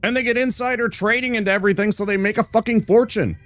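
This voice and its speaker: A man's voice: high-pitched, steady tone, fast, a bit bright, no echo, soft background music. A male streamer ranting hard with heavy swearing while he plays a game. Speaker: gaming streamer.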